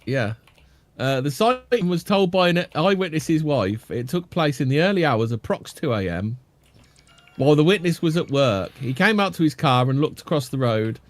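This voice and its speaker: A man's voice: on the high side, expressive, moderate pace, dry recording. Man chuckling through a read-aloud account. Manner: reads accounts aloud, stumbles and chuckles at the wording. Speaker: podcast co-host. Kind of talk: casual chat, reading sighting accounts.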